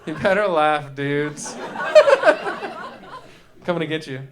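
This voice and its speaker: A young man performs loose stand-up on a club stage through a handheld mic, wandering between bits and teasing the crowd. His voice sits fairly high for a man, and he drifts into silly put-on voices. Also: huge pitch swings, slow. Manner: goofy, rambling, jumps into silly voices. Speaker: stand-up comedian. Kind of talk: loose stand-up riffing with the audience.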